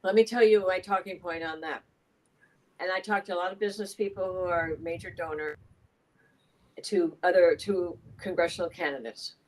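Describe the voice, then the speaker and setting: A woman's voice: on the low side, steady tone, normal speed, rough recording. A woman state assemblywoman giving an emphatic interview as a podcast guest, talking at length with asides. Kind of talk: casual political interview.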